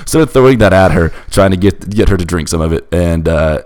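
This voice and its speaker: A man's voice: sits low, animated, brisk, darkish tone. A young man telling a bizarre personal story in a casual chat, emphatic and restless. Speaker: storyteller guest.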